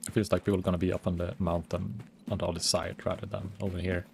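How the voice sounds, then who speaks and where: A man's voice: sits low, level tone, fast talker, creaky, darkish tone, slight background noise. A man casually commenting on his own gameplay as a streamer, chatting while eating. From Sweden.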